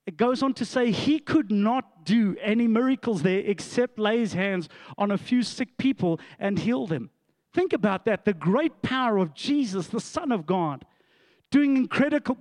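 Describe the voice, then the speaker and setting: A man's voice: high-pitched, darkish tone, no room sound. A middle-aged man, a pastor telling a story to his congregation in a sermon, with asides and laughs.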